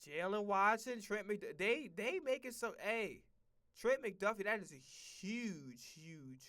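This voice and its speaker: A man's voice: high-pitched, animated, slow, a bit bright. A man streaming a casual football rant, blunt and profane, full of slang and repeated phrases. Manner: profane, blunt, heated ranting.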